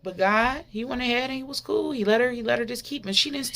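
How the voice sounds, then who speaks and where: Give me a woman preacher with a bright voice delivering a passionate, conversational sermon. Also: fairly high pitch, quick pace, hardly any pauses. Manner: impassioned, conversational preaching with rhetorical questions.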